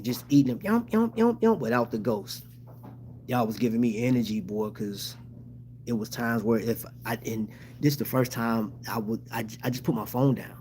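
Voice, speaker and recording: A man's voice: mid-range voice, a little mellow, slight background noise. A man hosting a casual livestream who talks to his viewers in a heartfelt, grateful way and often stops and restarts his sentences. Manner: halting, with many restarts and fillers. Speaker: channel host.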